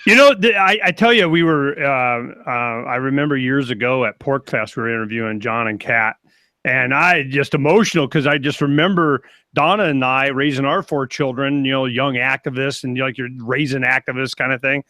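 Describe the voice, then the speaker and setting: An older man and grandfather talking casually as a panel guest on a video call, rambling and animated as he tells stories. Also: medium pitch, moderate pace, no room sound.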